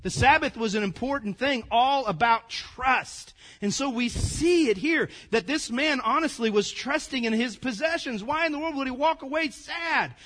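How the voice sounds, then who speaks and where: A man preaching a casual, conversational sermon, calling the congregation "gang" and swinging between loud emphasis and quiet asides. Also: extremely high pitch, normal speed, few pauses. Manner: folksy, calls the congregation "gang", asides to the room. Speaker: pastor.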